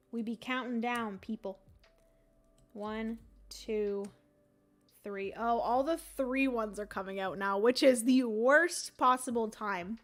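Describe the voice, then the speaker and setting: A young woman talks through her moves unhurriedly, a little high in her voice, musing aloud as she plays. She chats casually with her viewers between turns. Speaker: livestream host playing a solo board game. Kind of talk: casual livestream chat.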